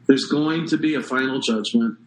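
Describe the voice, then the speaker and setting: Man, pastor, sermon, earnest, emphatic pauses, mid pitch. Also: slight background noise, low-quality recording.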